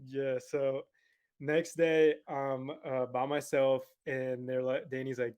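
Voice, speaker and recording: A young man who is a podcast guest, telling a story in a casual, animated, profane way. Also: medium pitch, measured pace.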